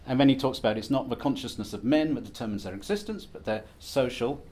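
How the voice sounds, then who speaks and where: A man's voice: mid-range voice, quick pace, darkish tone, a little hiss or hum. Wry male academic giving a talk. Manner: self-deprecating, wry, conversational lecturing with restarts. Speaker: academic speaker. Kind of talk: conference presentation.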